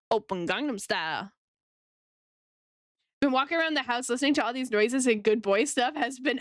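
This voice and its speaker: A woman's voice: on the high side, smooth, no echo, studio quality. A woman streamer chatting casually with her chat while she draws, playful and teasing, laughing often.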